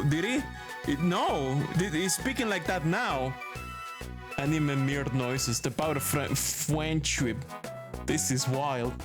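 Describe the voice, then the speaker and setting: A man streaming a video game, laughing, swearing and reacting in disbelief. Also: a little high. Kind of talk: let's-play commentary. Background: background music.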